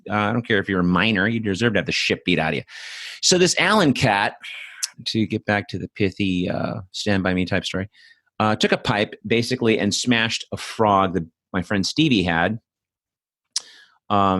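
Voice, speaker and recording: A middle-aged man with a very deep voice speaks alone as host of his own show. He talks bluntly and curses freely, with many fillers and restarts. The recording is dry, with almost no room sound. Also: fairly bright tone, no echo. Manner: blunt and profane, with frequent fillers. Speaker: podcast host. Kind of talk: solo casual monologue.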